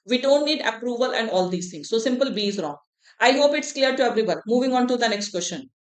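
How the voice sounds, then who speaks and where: A woman's voice: a little high, expressive, quick pace, roomy sound. A woman with an Indian accent teaching English in an exam-prep class, switching between English and Hindi and often checking in with the students.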